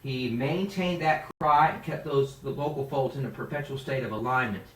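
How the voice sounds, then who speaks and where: Animated male vocal coach in a roomy studio. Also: mid-range voice, moderate pace. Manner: animated, demonstrates exercises by singing. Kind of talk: singing lesson. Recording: roomy, mic at a distance, piano playing.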